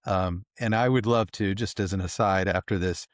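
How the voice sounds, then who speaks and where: Male podcast host, low voice, affirming and thoughtful, dry recording. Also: fairly even intonation, normal speed, no echo. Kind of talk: podcast interview.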